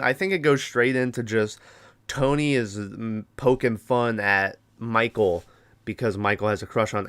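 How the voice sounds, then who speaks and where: A man in a middle pitch retells a film's plot for his podcast, rambling and swearing as he goes. He keeps slipping into quick impressions of the characters. His voice is smooth and clear, recorded dry and close. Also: a bit bright, no room sound. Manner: profane, rambling, acts out characters' lines. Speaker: podcast host. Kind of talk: casual movie recap.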